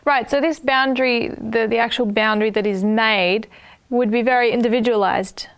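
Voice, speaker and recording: Smooth-voiced woman radio host. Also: a little high, fairly even intonation, moderate pace. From Australia. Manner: attentive, frequent soft affirmations. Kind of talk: radio interview.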